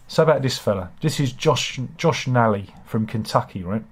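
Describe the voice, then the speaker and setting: A man's voice: medium pitch, lively intonation, normal speed, husky. Rambling British man hosting chat. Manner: rambling, self-deprecating, with frequent restarts and asides. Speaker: host. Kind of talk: casual satirical news chat.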